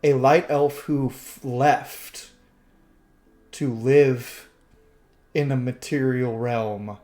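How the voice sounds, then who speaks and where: A man runs a tabletop game over an online call, narrating scenes in a chatty, easygoing way. He laughs often and backs up mid-sentence to rephrase. His pitch sits in an ordinary middle range. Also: fairly even intonation, very slow, a little mellow. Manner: chatty, laughs easily, restarts sentences while describing. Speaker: game master. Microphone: online call microphone.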